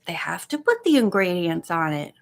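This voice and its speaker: A woman's voice: on the low side, sing-song, normal speed, gravelly. A woman hosting a casual live stream, chatting in a rambling way and counting pages aloud. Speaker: live-stream host reading a book.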